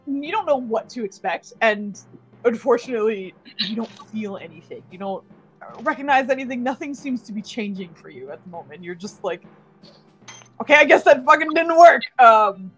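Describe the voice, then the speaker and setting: A woman's voice: on the high side, very animated, moderate pace, husky, faint music behind, poor audio. A woman narrating as dungeon master in a tabletop game, laughing often as she describes the scene.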